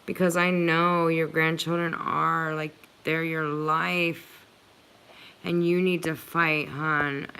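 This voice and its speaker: A woman's voice: deep voice, flat delivery, slow pace, gravelly, sharp tone, smooth. A woman hosting a livestream, chatting earnestly and emotionally with viewers, with many filler "likes". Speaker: channel host reading live chat.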